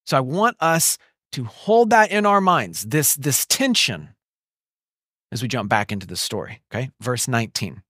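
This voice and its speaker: A man preaching a sermon in an animated, conversational way, often asking the listeners questions. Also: medium pitch, normal speed, no echo, clean studio sound. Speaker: pastor. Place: church.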